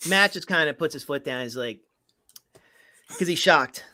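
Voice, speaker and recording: Co-hosting a comedy podcast, a man with a highish, bright, forceful voice and lively intonation talks at normal speed. He casually reads a holiday movie script aloud, chatting with plenty of fillers and delivering lines in playful voices.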